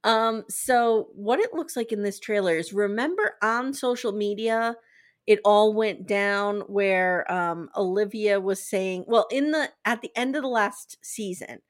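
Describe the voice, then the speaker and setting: A woman hosting a podcast, recapping a TV show in a chatty, animated, gossipy way. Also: medium pitch, unhurried. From eastern United States. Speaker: podcast host. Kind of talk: casual podcast chat.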